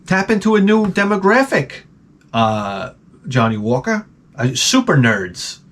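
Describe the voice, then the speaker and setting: Male host, rambling comedic monologue, fairly high voice, profane, animated sound effects. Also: unhurried. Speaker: channel host.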